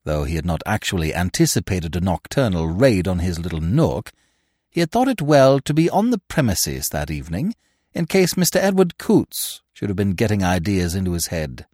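A man narrating an audiobook in a measured, expressive reading as the podcast host. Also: sits low, dry recording, clean studio sound. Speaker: host and reader.

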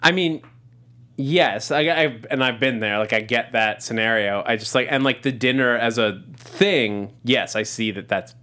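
A man's voice: mid-range voice, normal speed, pushed and bright. A man co-hosting a podcast, chatting casually about a TV show, rambling with many restarts and laughing often. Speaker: podcast co-host. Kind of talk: casual TV recap chat.

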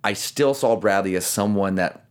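A man with a fairly low voice chats casually as a show co-host, breaking down a boxing match round by round. He talks in an animated way and often restarts his sentences. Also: moderate pace. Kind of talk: casual fight recap chat.

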